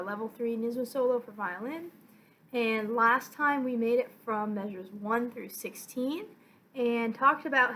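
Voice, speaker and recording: A woman violin teacher giving a patient, step-by-step lesson, counting beats aloud and filling pauses with "uh" and "um". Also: a little high, fairly bright tone, slight background noise, low-quality recording. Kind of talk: online music lesson.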